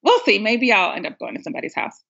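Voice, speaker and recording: A young woman tells a story in an easy, chatty way, laughing often at herself. Her pitch sits in the middle range. The recording sounds dull and lo-fi. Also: huge pitch swings, quick pace, vocal fry. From United States. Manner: laughing often, self-mocking. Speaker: caller. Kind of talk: casual storytelling.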